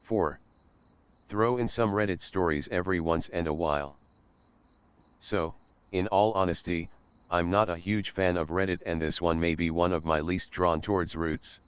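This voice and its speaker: A man's voice: low-pitched, steady tone, moderate pace, clean tone, no room sound, lo-fi sound. A young man reading a scripted, earnest announcement about his channel as its host.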